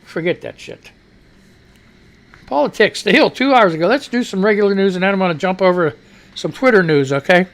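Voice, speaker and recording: A man's voice: high voice, brisk, a bit bright. A middle-aged American man hosting a live radio news show, rambling and profane, talking back to himself as he reads the news. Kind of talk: casual live-stream news commentary.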